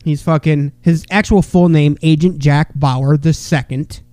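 A young man co-hosting a casual podcast, hoarse from a tooth infection, loud, excitable and swearing a lot. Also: a little high, a little slow, no room sound. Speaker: podcast co-host. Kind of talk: casual profane chat.

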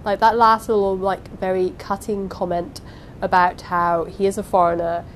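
A woman's voice: mid-range voice, normal speed, slight background noise, rough recording. Chatty woman reading a classic novel aloud. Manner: chatty, lively, expressive. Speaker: reader. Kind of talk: reading a novel aloud, then casual commentary.

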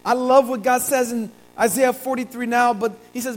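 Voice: medium pitch, steady tone, normal speed, hardly any pauses, poor audio. A pastor preaching a sermon, earnest, repeating phrases and building to emphatic peaks.

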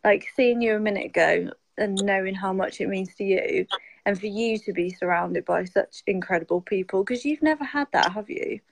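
A woman's voice: mid-range voice, normal speed, creaky, no room sound, poor audio. A woman guest on a live stream, talking casually and emotionally, with many "like" fillers. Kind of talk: casual heartfelt chat.

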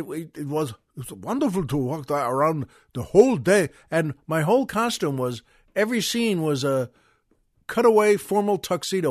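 In a dry, clean studio recording, a high-pitched man hosting a podcast spins a long, casual anecdote about show business. He rambles, restarting sentences, wandering into asides and chuckling along the way.

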